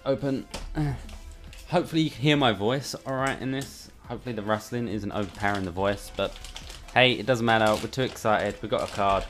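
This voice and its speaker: Faint music plays as a hardware reviewer unboxes gear at home in his bedroom under a studio light. His fairly low voice has a fairly bright tone and runs a little fast, and his chat is casual and irreverent.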